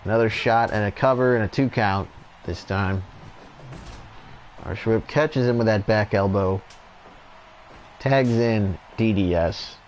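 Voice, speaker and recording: Casual male game commentator, lowish voice, laid-back play-by-play with faint room hum. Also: measured pace, long pauses. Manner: relaxed, chatty, laughs and goes off on tangents.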